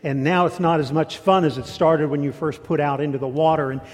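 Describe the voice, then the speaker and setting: A man preaching a sermon, telling stories in an animated way and often repeating words. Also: fairly high pitch, fairly quick, long reverb tail. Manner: animated storytelling with repetitions.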